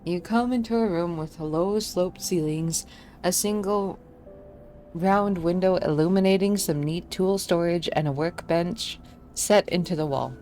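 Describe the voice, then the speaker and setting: A woman's voice: fairly low pitch, a little slow, dark tone, faint music behind. A woman streaming a game, casual and self-deprecating, reading the story text aloud.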